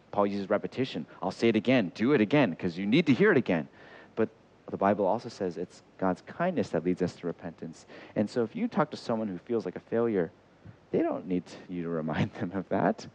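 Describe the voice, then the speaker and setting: A man preaching a sermon in an animated way, acting out the voices he quotes. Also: lowish voice. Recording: dull lo-fi sound.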